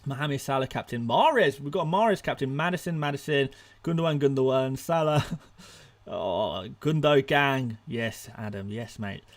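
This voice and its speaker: A young man streaming live about fantasy football answers audience questions in rapid succession, his voice mid-range. Excitable and laughing frequently, he sounds winded now and then.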